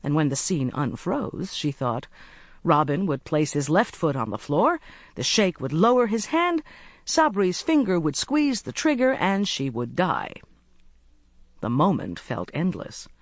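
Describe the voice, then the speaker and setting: Expressive audiobook narrator, dry close sound. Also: mid-range voice, no room sound. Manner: measured, expressive storytelling.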